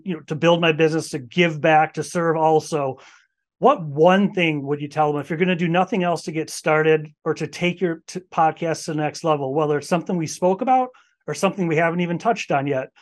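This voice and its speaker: Man, podcast host, thoughtful, casual questions, higher pitch. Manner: thoughtful, long winding questions.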